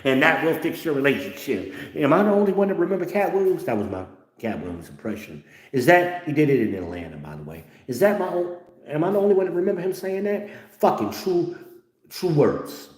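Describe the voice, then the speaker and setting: A man hosts a livestream, giving a casual, profane monologue to viewers at home in a blunt, preachy tone and calling for amens. His voice is a little high and a little mellow, very animated, and quick-paced. The room has a roomy echo.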